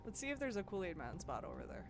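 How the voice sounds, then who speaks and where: A woman's voice: medium pitch, wildly swooping pitch, fast talker, vocal fry, noisy background. A woman from the American Midwest doing live gameplay commentary as a streamer, musing aloud, giggling and chatting with viewers.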